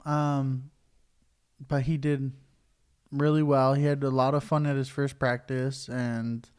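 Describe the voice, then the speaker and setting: A man's voice: medium pitch, little pitch movement, takes it slowly, a little mellow, clear, resonant tone. A man co-hosting a podcast, talking loosely about his kids with many fillers. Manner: loose, rambling, filler-heavy. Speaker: podcast co-host. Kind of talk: casual chat.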